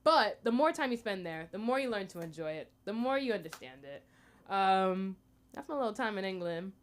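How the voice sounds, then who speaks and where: A woman's voice: mid-range voice, sing-song, moderate pace. A young American woman doing rambling stand-up at an open mic, chatty and full of fillers. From United States. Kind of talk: stand-up comedy.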